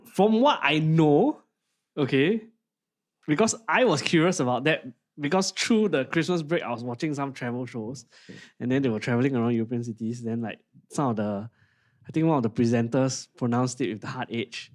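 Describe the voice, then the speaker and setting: A man's voice: mid-range voice, normal speed. A man with a Singaporean English accent co-hosting a podcast, explaining things in a casual, hesitant way while he searches for words. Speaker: podcast co-host. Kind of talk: casual chat.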